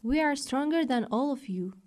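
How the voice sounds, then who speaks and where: A woman's voice: sits high, animated, moderate pace, a little mellow. A woman voicing a boastful, strong ox in a children's storybook. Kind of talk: storybook read-aloud.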